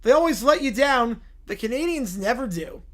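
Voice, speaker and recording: A man's voice: very high-pitched, expressive, normal speed, a bit bright. A text-to-speech voice playing a gloating bald boy who taunts a sore loser. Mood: taunting. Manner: taunting, smug. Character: gloating bald boy bully, rival fan.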